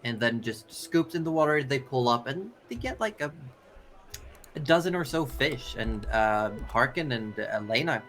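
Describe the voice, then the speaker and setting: Laid-back game master narrating, faint music. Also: male voice, mid-range voice, expressive, normal speed, fairly bright tone. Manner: loose and casual, lots of "like" and fillers.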